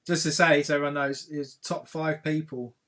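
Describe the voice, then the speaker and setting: A man co-hosts a live-stream quiz in a slightly higher voice. He sounds laid-back, laughs easily and thinks aloud as he sorts out the prizes. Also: little pitch movement, moderate pace, fairly bright tone. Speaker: co-host.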